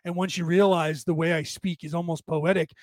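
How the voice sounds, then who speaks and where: Older man with a gray-haired rasp, talking on and on. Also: fairly high pitch, little pitch movement, brisk, no echo. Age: older, with graying hair. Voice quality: says his voice is damaged but penetrating. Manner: rambling, with frequent restarts; tired from talking for hours. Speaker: podcast host. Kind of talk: casual monologue.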